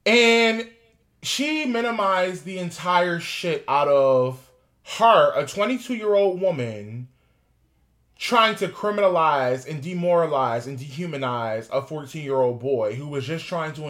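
A man's voice: a little high, lively intonation, unhurried, fairly bright tone. A man co-hosting a gossip podcast, ranting heatedly and swearing constantly in casual chat. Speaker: podcast co-host.

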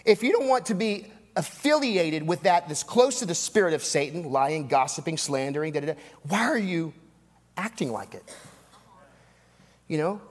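Man preaching, high voice, emphatic repetition, long echo of a hall. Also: lively intonation. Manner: emphatic, repetitive preaching with dramatic pauses and asides. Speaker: pastor. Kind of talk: sermon.

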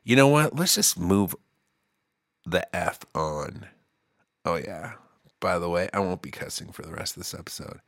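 A man's voice: low-pitched, lively intonation, moderate pace, pauses often, fairly bright tone, dry recording, clean studio sound. A man hosting a podcast, rambling through a comedic monologue full of goofy asides and jokey tangents, now and then slipping into an exaggerated country drawl. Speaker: podcast host.

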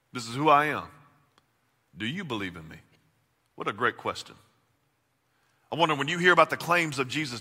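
A man preaching a sermon, swinging from loud, emphatic lines to hushed, intimate questions. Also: mid-range voice. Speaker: pastor. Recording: long reverb of a large hall.

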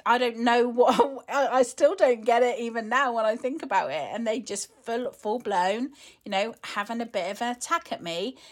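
A woman's voice: fairly high pitch, normal speed. A woman speaks as a wellness coach in a casual monologue aimed at other women. She talks in a loose, chatty way, full of fillers. Her tone stays earnest and emotionally open.

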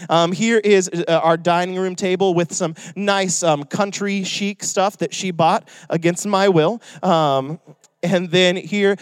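A man's voice: high-pitched, smooth, no echo. A young adult man preaching a sermon in a joking, conversational way. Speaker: pastor.

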